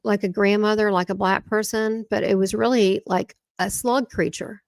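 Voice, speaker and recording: A woman with a Southern US accent, a guest on an interview podcast, telling stories in a rambling, excitable way. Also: mid-range voice, moderate pace, creaky, no echo. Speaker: guest, spiritual medium. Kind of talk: casual interview talk.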